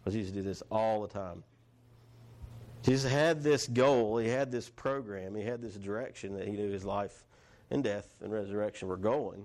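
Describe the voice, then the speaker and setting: A man's voice: lowish voice, moderate pace, a little mellow. A man preaching a sermon in a conversational way. He restarts his phrases and asks his listeners questions. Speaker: pastor.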